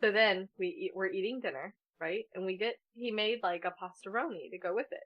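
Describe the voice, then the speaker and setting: A woman in her thirties co-hosts a podcast, animatedly sharing a funny family story in casual chat and laughing often. Her mid-range voice is brisk, and the recording sounds muffled.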